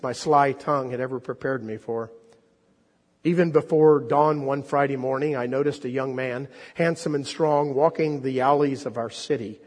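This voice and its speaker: Male preacher, fairly high husky voice, earnest and dramatic, long hall echo. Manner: earnest, swinging from loud to hushed. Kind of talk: sermon with dramatic story reading.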